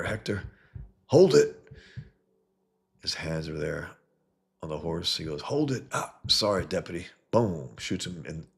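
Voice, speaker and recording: Male comics host, very low gravelly voice, eager and rambling, casual stream talk. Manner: enthusiastic, repeats himself, restarts often.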